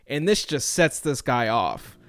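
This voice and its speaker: A young man co-hosting a podcast, telling a story in a casual, profane, animated way. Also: mid-range voice, measured pace, dry recording. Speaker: podcast co-host.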